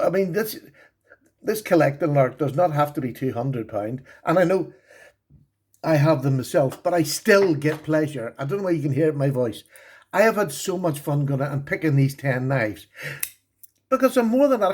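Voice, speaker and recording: A man's voice: mid-range voice, darkish tone. A man giving a casual show-and-tell review of his collection, enthusiastic and chatty, often repeating his praise.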